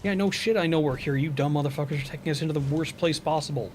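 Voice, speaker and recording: A man's voice: fairly high pitch, fast, darkish tone, slight background noise. A man streaming a video game, talking casually and cursing often as he rambles and grumbles at the game. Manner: profane, exasperated rambling while playing. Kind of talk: casual gameplay commentary.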